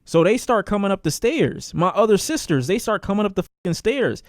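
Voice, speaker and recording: Male streamer, animated profane storyteller, high and swinging pitch, dry booth-like sound. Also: brisk, no echo. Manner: repeats phrases for emphasis. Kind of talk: casual storytime on a live stream.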